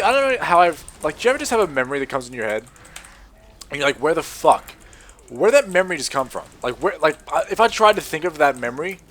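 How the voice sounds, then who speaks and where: A young Australian man rambling and swearing through casual commentary while playing a video game, with sudden excited outbursts. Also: medium pitch. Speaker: gaming commentator.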